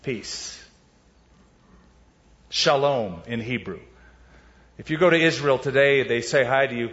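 A man preaching a sermon, animated, acting out the voices he quotes. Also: mid-range voice, moderate pace, long pauses, big-room sound, dull audio. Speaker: pastor.

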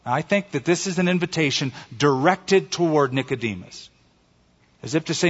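A male pastor preaches earnestly in a church, his voice fairly high and very lively in pitch. A long hall reverb follows each phrase, and the recording sounds dull and lo-fi. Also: moderate pace. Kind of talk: sermon.

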